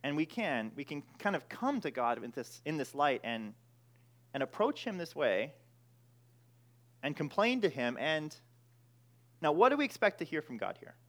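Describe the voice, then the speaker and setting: A man preaching, who prays quietly and then teaches a small group in a relaxed, conversational way, often restarting his sentences. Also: a little high, moderate pace, pauses often. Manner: prays softly, then teaches in a casual, joking way with many restarts. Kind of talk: sermon.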